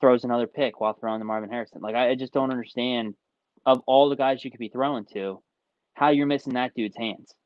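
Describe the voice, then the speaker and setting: A man's voice: mid-range voice, steady tone, quick pace, no echo, highs cut off. A man co-hosting a sports podcast, giving casual analysis in a hesitant way, leaning on "I mean" and "I think". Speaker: podcast co-host.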